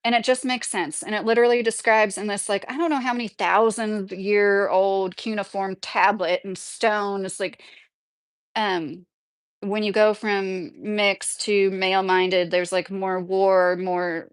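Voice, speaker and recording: This livestream host reads chat and talks casually with her audience in a medium-pitched, smooth voice, delivered flatly at a measured pace. She rambles constantly and says "like" a lot, all in a dry recording.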